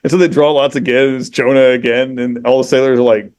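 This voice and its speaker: A man with an ordinary mid-range voice talks in relaxed podcast conversation. He retells a story with lively energy and casual swearing, leaning on fillers like "you know" and "like." He slips into the voices of the people in the story as he goes. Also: mid-range voice, a little fast, no room sound. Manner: animated, profane, acts out quoted characters. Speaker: podcast guest.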